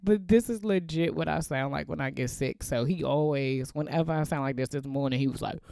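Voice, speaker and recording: A woman in her thirties hosting a casual faith podcast, with a deep, bassy voice that sounds congested from allergies. She is chatty and laughs often. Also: brisk, vocal fry, dark tone, dry recording, clean studio sound. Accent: American. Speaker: podcast host.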